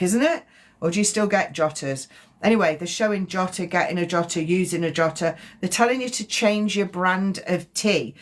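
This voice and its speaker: A woman giving a chatty, rambling psychic card reading on a live stream. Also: on the low side. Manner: chatty, rambling, self-correcting.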